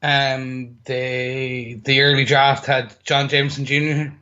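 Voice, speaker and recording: A man co-hosting a film review podcast, running briskly through a list of trivia with fillers. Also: mid-range voice, little pitch movement, bright, forceful tone. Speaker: podcast co-host. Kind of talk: casual film trivia rundown. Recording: dull lo-fi sound.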